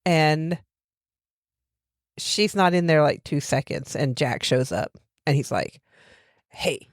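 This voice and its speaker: A woman co-host talks through a movie plot in a loose, rambling way, full of filler words. Her voice sits on the low side for a woman, and the recording is close and completely dry. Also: takes it slowly, dry recording. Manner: rambling, giggly, many "like" fillers. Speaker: podcast co-host. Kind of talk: casual chat recapping a film.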